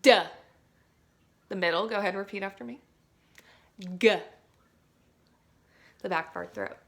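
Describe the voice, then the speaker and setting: Bright, playful woman leading a voice warmup. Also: mid-range voice, racing. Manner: playful, encouraging, demonstrates sounds. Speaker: teaching artist. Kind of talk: leading a vocal warmup for young students.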